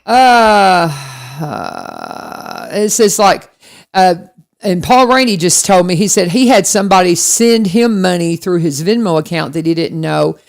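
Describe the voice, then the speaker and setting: A woman co-hosting a radio talk show, telling a story in a lively, self-deprecating way and speaking straight to the listeners. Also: lowish voice, unhurried, gravelly. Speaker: radio co-host. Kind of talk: casual chat.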